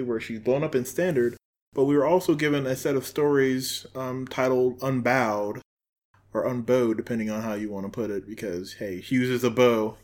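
A man co-hosting a podcast, unhurried and hesitant with frequent ums as he introduces topics. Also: medium pitch, darkish tone. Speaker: podcast co-host. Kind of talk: casual fan discussion.

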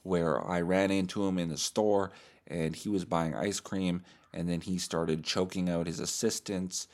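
Low-voiced guy on a solo podcast, swears a lot, makes fun of himself, keeps redoing takes. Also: steady tone, measured pace, darkish tone. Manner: profane, self-mocking, restarts takes. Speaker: podcast host.

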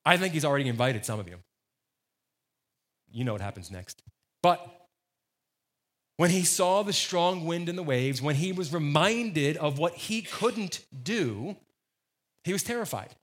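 A man's voice: on the high side, expressive, measured pace, long pauses. A man preaching a sermon as the church's pastor, emphatic and conversational, repeating phrases for stress.

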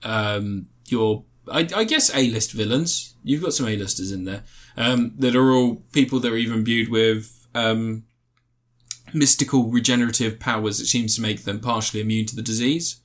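A man's voice: on the low side, moderate pace. A man co-hosting a casual chat, rambling and slangy as he reviews comics. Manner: rambling, swears freely, slangy. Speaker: podcast co-host reviewing comics.

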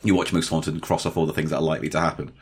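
A man co-hosting a comedy podcast, chatting in a dry, wry, rambling way from a hot room in a flat on a desk microphone. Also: rumbling low, racing, husky. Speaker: podcast co-host. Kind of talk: casual comedy podcast chat. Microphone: USB desk microphone.

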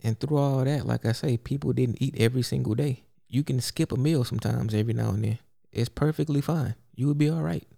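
Gravelly, profane man ranting on a podcast. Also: mid-range voice, fairly quick, mellow. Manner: profane, blunt and exasperated. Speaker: podcast host. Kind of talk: solo podcast rant.

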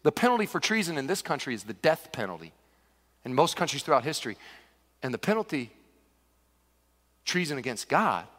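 A male pastor delivers a conversational, humorous sermon in a high, bright voice. His pitch leaps up and down as he preaches, and the sound carries a long reverb from a large church hall. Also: sing-song, brisk, long pauses.

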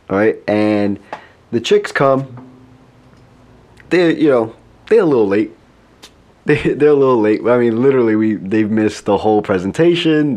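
A man's voice: fairly low pitch, a little mellow. A man chatting casually as a podcast co-host, laid-back and laughing often as he tells a story full of slang. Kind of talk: casual chat.

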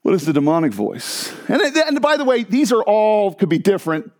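A man's voice: sits high, sing-song, fairly quick, a little mellow. A man preaching a sermon to a crowd in a church hall, joking and asking the listeners questions. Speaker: pastor.

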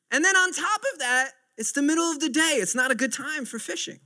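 A man's voice: very high-pitched, lively intonation, a little fast, few pauses, bright, forceful tone. A man in his thirties preaching a sermon with earnest, repetitive emphasis. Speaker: pastor.

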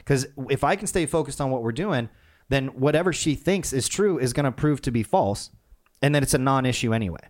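A man's voice: medium pitch, brisk. A man casually telling a personal story about leadership, with frequent restarts and acted-out quotes. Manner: conversational, animated retelling with many restarts.

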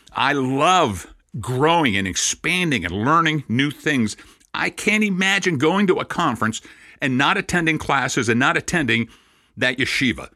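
Bright-voiced older rabbi preaching. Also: male voice, mid-range voice, dry recording. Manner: animated storytelling with dry self-mocking asides. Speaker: Messianic rabbi. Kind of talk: sermon.

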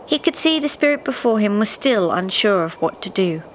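A woman's voice: medium pitch, animated, fairly quick, slight background noise, poor audio. Woman storyteller reading live on stage.

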